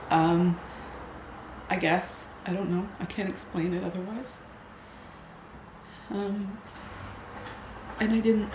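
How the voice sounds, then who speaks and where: A woman telling a personal story in a hesitant, halting way, often restarting her sentences. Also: medium pitch. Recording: echoey room with noise.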